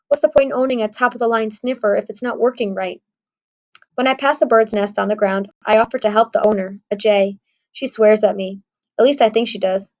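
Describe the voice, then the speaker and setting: A woman reading a storybook aloud in a wry, conversational way, at a middle pitch. Her narration stays easy and personable, with dry humor. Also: a little mellow, rough recording. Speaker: audiobook narrator. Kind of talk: first-person audiobook narration.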